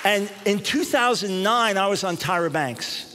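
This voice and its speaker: A man, a Christian radio host, telling a story in an animated public talk, often restarting his phrases. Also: sits high, a little slow, big-room sound, crowd noise, background noise.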